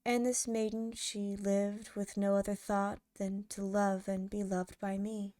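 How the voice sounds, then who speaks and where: A woman narrating poems in a soft, hushed ASMR reading style, drawing out each line slowly. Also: medium pitch, flat delivery, no echo. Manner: slow, hushed, drawn-out delivery.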